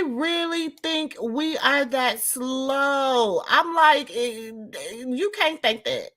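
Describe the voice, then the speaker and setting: Brief: woman, 50s, show host, bright and forceful voice, slow emphatic delivery. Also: sits high. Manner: animated, emphatic, repeats lines for effect. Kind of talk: casual commentary.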